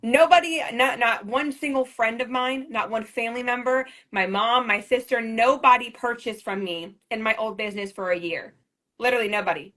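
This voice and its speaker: A woman's voice: a little high, steady tone, moderate pace, sharp tone. A woman in her thirties telling her story on a livestream, rambling and repeating herself as she gets emotional. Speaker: MLM leader on a livestream.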